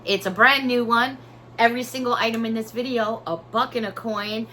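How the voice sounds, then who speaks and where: A talkative woman showing off her shopping haul, openly emotional and excited about each find. Her voice is bright and forceful and sits a little high. Faint background noise hums under the recording. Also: moderate pace. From Hudson Valley region of New York. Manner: chatty, emotional, bubbly with product enthusiasm. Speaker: haul vlogger. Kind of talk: casual haul vlog chat.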